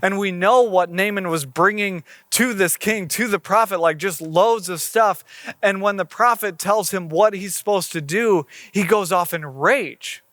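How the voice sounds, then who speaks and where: A man's voice: sits high, measured pace, fairly bright tone, no echo. A man preaching a sermon in a conversational way, reading scripture aloud and explaining it. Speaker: pastor.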